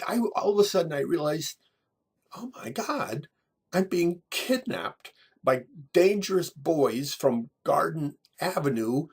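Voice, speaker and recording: A man telling a personal story from his childhood over photos, in a halting way full of restarts and repeated words. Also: mid-range voice, creaky, breathy edge.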